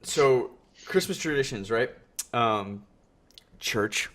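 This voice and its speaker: A man co-hosting a casual podcast over an online call, excitedly rambling through childhood stories. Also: takes it slowly. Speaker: podcast co-host. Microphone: online call headset or desk mic. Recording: low-level voice call audio.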